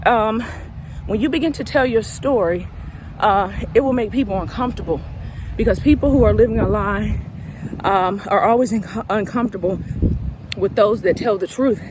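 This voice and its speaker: Slightly out of breath, a woman recovery coach delivers a preachy, emphatic motivational talk directly to camera, going over her points repeatedly. Her voice is mid-range at a normal speed, with noise in the background.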